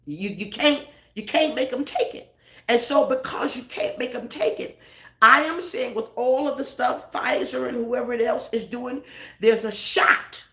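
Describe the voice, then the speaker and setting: Gravelly woman preaching with repeated appeals. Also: fairly high pitch, a bit bright, roomy sound. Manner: preaching, repeating phrases for emphasis; direct, pleading appeals to listeners. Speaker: pastor. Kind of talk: live-streamed sermon.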